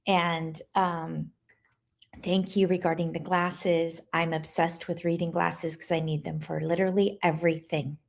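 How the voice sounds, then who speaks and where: A woman's voice: lowish voice, flat delivery, unhurried, creaky. A middle-aged woman hosting a casual livestream, chatting in a rambling way and stopping to greet viewers and answer their comments. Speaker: livestream host.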